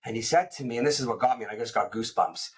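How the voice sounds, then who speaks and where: A man who owns a print company, telling a personal business anecdote in a relaxed interview, with animated retelling and repeated words. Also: medium pitch, very fast. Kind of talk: casual storytelling in an interview.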